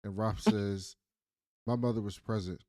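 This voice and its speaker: A podcast co-host with a fairly low voice talks at a normal speed on a casual TV recap show. He retells scenes with animated storytelling, acting out the characters' lines himself.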